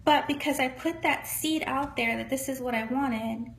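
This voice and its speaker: A woman's voice: sits high, normal speed, gravelly, a little hiss or hum, poor audio. A woman psychic medium giving a casual live-streamed spiritual reading, speaking in an earnest, encouraging and folksy way. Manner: earnest, encouraging, folksy, calls listeners honey.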